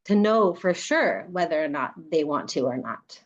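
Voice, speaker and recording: A woman's voice: sits low, big pitch swings, moderate pace, dull audio. A woman leading a group through a guided body exercise on a video call, coaching them and often laughing. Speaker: workshop leader.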